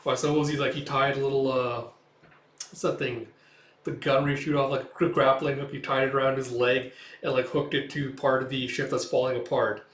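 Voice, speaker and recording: A man's voice: medium pitch, little pitch movement, a little fast, a bit bright. A man casually recapping a comic book, rambling with lots of fillers and acting out the dialogue. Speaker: host. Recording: roomy echo.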